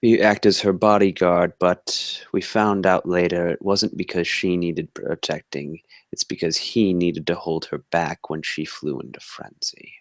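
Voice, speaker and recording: Brief: man voicing a courtly male vampire for a tabletop game, very low voice, dry close sound. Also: level tone, no room sound. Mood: measured. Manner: formal, courteous, unhurried storytelling. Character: homeless male vampire, polite and measured. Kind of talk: tabletop role-play in character.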